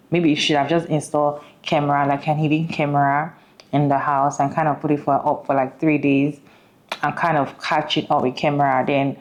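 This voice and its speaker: A woman's voice: deep voice, a little mellow, poor audio. A woman hosting a reaction video, giving earnest commentary and putting questions to her viewers. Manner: earnest, talks to viewers with questions, restarts mid-sentence. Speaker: host reacting to a clip.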